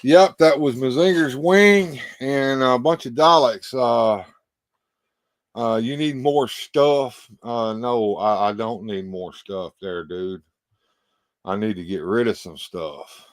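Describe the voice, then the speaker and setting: A man's voice: fairly low pitch, no echo. Tired man rambling on a livestream. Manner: halting, rambling, many fillers and restarts. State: tired and out of breath. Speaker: livestream host. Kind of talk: casual livestream chat, reading viewer comments.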